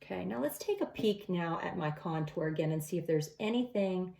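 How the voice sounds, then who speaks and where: A woman's voice: lowish voice, animated, fairly quick, gravelly, warm tone. A middle-aged woman talking through a makeup tutorial step by step in a casual, chatty way. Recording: echoey room.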